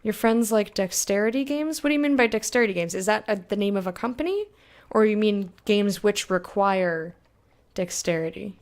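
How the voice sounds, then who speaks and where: A young adult woman streaming a game, chatting excitedly with viewers, swearing, and slowly reading game text aloud. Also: medium pitch. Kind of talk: blind let's-play commentary, chatting with viewers.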